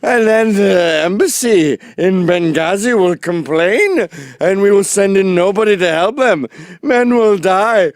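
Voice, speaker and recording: A man doing a weary older woman politician. She drags out her words in a stiff, over-enunciated, slowed delivery. The voice is pushed high and loud. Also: no echo. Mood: mocking.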